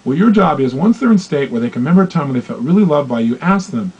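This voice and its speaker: A man giving a motivational talk on love and relationships, acting out both partners in dialogue with lively, shifting voices. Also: fairly high pitch, fast talker, few pauses, slightly rough, highs cut off. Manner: animated, acts out both partners in quoted dialogue. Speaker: motivational speaker.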